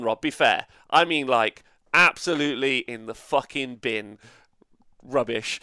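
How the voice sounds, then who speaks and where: A man co-hosting a casual tabletop gaming podcast, animated and swearing freely with lots of fillers. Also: mid-range voice, measured pace, smooth, no echo, clean studio sound. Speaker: co-host. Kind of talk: casual podcast chat about tabletop games.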